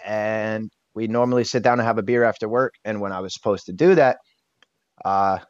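A man's voice: fairly low pitch, moderate pace, no room sound. A man in his thirties, a podcast guest telling a personal story candidly, emotional and blunt, swearing casually and restarting often. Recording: dull lo-fi dry sound.

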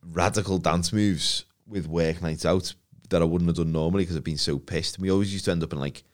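A man's voice: low voice, steady tone, brisk. A man co-hosting a podcast, trading wry anecdotes in casual chat. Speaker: podcast co-host.

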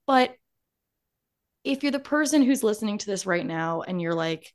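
A woman's voice: medium pitch, lively intonation, moderate pace. A woman hosting a podcast in casual chat over a remote call, effusive and emotional and laughing often. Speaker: podcast host.

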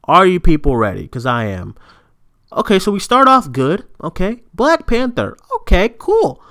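Animated ranting man, bright clear voice. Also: high-pitched, moderate pace. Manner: animated, swearing, laughing often. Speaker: podcast co-host. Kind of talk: casual ranting chat. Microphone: remote recording setup.

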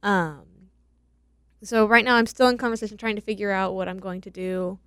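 A young woman on a talk show who thinks aloud, pausing with small fillers as she explains herself. Her voice is mid-pitch and sounds dry and close to the mic. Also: fairly even intonation, a bit bright, clean tone, dry recording. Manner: thoughtful, hesitant with fillers. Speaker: guest. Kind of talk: casual talk show chat.

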